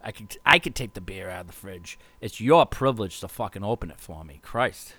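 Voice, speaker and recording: A man's voice: lowish voice, expressive, a little fast, bright, forceful tone, no echo. A man in casual talk, rambling and sarcastic, swearing constantly as he rants. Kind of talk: profane casual rant.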